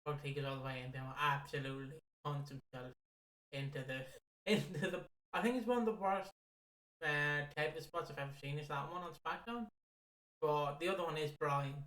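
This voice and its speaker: A man co-hosts a wrestling podcast, talking in a halting, profane way with many restarts. His voice sits somewhat high for a man. The recording sounds roomy and echoey. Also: a bit bright. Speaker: podcast co-host. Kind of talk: casual wrestling review chat. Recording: echoey room.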